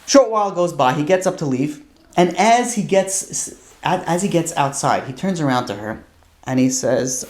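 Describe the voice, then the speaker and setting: Animated rabbi telling a story. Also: male voice, a little high, normal speed. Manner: animated, with many "you know" asides. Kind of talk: storytelling talk. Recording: roomy echo.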